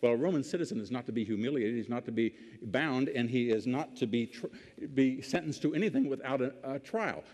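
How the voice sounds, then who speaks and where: A man's voice: medium pitch, expressive, fairly quick, a little mellow. Folksy man preaching in an echoing hall. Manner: folksy and humorous, retells scripture in modern slang. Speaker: preacher, former congressman. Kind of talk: folksy sermon storytelling.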